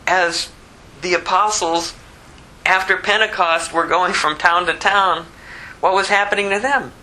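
Forceful, animated male preacher. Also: sits high, a little slow, low-quality recording. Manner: animated storytelling, swings loud to hushed. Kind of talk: expository sermon.

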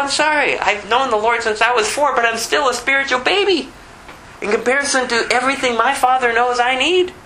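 An older man delivers a loose, conversational sermon, firing off rhetorical questions. His voice is bright and sits a little high. A faint ambient hum runs underneath. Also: low-quality recording. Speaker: preacher. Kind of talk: informal sermon.

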